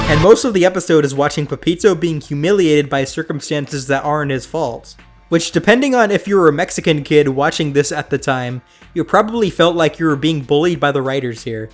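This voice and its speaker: A young man hosting a sarcastic review of old cartoons. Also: on the high side. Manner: sarcastic, mocking. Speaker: host.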